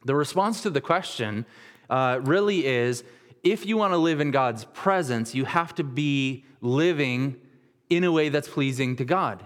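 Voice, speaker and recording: A man's voice: mid-range voice, expressive, measured pace. Man preaching in a reverberant hall. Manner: retells scripture in plain conversational words, many restarts. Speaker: pastor. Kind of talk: sermon.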